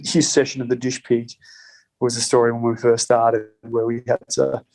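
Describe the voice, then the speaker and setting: A man's voice: medium pitch, flat delivery, moderate pace, darkish tone. A man in a podcast interview, telling rambling stories with heavy swearing and laughs between lines. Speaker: podcast guest, spirits company co-founder. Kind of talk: casual storytelling.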